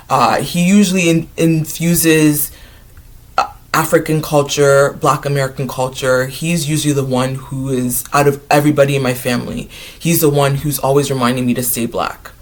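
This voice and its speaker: Man, Ghanaian heritage, fairly high voice, excitable, rambling home vlog. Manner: chatty, excitable, digressive. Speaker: vlogger. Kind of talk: casual vlog chat.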